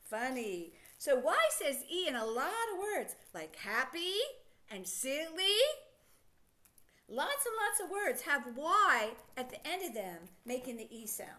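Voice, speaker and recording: A woman teaching a children's phonics lesson, encouraging and enthusiastic, sounding out word parts slowly. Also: high voice, very animated, pushed and bright.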